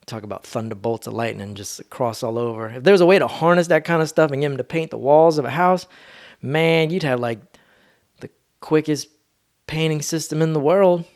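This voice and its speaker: A man's voice: on the high side, moderate pace, darkish tone. A man hosting a solo podcast, talking in a rambling, laid-back, slangy way. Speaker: podcast host. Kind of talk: casual solo monologue.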